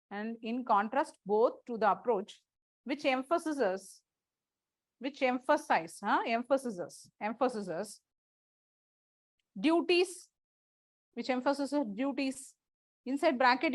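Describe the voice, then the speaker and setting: Woman teacher, high voice, dry close sound, dictating notes, spells out words. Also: no echo. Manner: repeats phrases slowly, spells out words letter by letter. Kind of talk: dictating lecture notes to a class.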